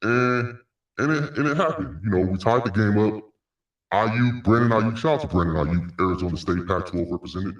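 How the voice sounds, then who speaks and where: A man's voice: fairly low pitch, a little fast, reverberant, recorded from a distance, dull audio. A man hosting a casual solo sports recap, rambling, repeating words, with frequent sighs and laughs. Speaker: sports podcast host.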